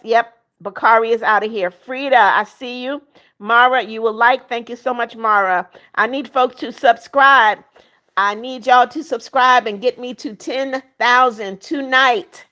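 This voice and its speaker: A woman in her seventies hosting a livestream, reading viewers' comments aloud and greeting them by name. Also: a little high. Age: 70s. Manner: sings happy birthday softly. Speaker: livestream host. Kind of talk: casual live-chat reading.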